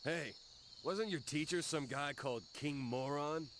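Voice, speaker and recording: A man voicing a brash, gruff teenage delinquent boy who curses and flares up fast, in video game dialogue. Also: a little high, background noise. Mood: annoyed. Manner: gruff, cursing, quick to anger. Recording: game dialogue over loud music. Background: game music.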